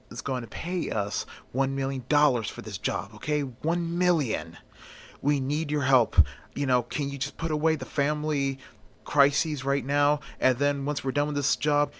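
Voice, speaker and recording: A man's voice: medium pitch, fairly bright tone. A man doing a pushy gang member, pressing hard. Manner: persuasive, pressing.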